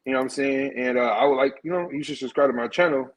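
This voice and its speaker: A man calling in to a live show, talking in an excited, rambling, slangy way. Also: mid-range voice, quick pace, poor audio. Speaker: caller. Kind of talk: casual call-in chat.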